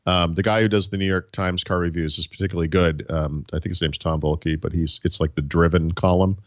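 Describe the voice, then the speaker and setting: A man with a very low, deep voice chats on a tech podcast, circling his point with frequent restarts. The mic sound is dry and close, and the recording is slightly dull. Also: steady tone, fairly quick, no echo. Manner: rambling, many false starts and restarts. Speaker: podcast co-host. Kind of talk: casual tech podcast chat.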